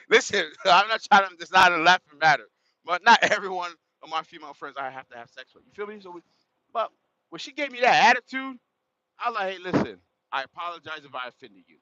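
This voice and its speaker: A man's voice: sits high, expressive, quick pace, bright, forceful tone, no room sound. A man telling a story to his livestream chat in a casual, slangy way, often laughing and exclaiming. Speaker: livestream host. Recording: dull lo-fi sound.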